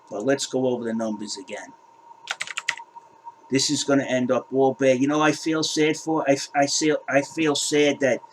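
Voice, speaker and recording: Angry man vlogging, mid-pitched, restarts lines, faint room noise behind. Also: poor audio. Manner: agitated, repeats and restarts words. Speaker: crypto channel host. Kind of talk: heated casual rant to camera.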